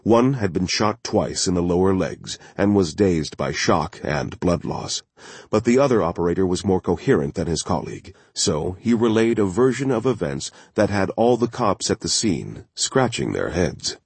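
Male thriller narrator, very low, husky, steady, dry booth sound. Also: normal speed, no echo. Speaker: audiobook narrator.

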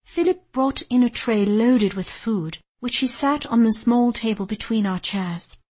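A woman narrating a romance audiobook in the first person, with gentle, measured storytelling. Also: fairly high pitch, expressive, husky.

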